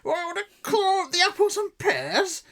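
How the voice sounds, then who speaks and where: A man voicing a cartoonish old-fashioned male London policeman in an exaggerated, shouty mock-cockney caricature. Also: very high-pitched, very animated, a little slow, pitched above the performer's own voice, full character voice. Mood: boisterous.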